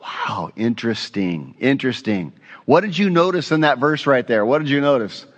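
A man's voice: mid-range voice, sing-song, normal speed, in a large hall, lo-fi sound. A man preaching an expository sermon as a pastor, conversational and often asking his congregation questions.

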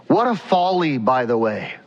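A man's voice: medium pitch, big pitch swings, moderate pace, dull audio. A man preaching a sermon as pastor, emphatic, now and then acting out quotes.

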